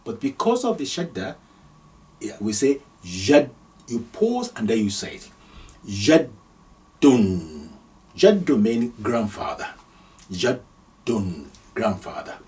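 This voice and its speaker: Man from Nigeria, Arabic tutor, unhurried, lively rise and fall, repeats sounds, slightly distant mic. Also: medium pitch. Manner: patient, repeats sounds slowly, chuckles often. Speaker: Arabic teacher. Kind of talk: slow step-by-step lesson.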